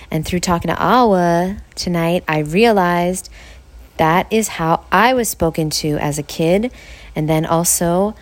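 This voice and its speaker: A woman with a voice on the low side hosts a podcast from her living room couch, chatting casually into a podcast mic. She seems tired yet upbeat and laughs often, and the recording is dry.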